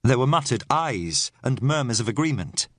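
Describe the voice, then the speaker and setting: A man reading a first-person thriller audiobook with lively, expressive pitch. The recording is dry and close, with no room in it. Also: moderate pace, dry recording. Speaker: audiobook narrator.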